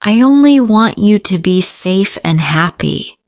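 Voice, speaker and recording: A woman's voice: mid-range voice, expressive, a little slow, a little mellow, no echo, studio quality. A woman voicing a worried, secretive mother who speaks in protective, pleading tones. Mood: gentle worry.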